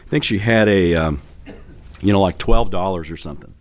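Man preaching, middle-aged, slightly low voice, chatty storytelling, easy laughs. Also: brisk. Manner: conversational storytelling with fillers and light laughter. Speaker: pastor. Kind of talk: sermon.

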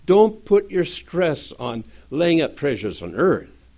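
A man's voice: fairly high pitch, very animated, slow pace, vocal fry, mellow. A man preaching a sermon, explaining scripture with joking asides and frequent restarts.

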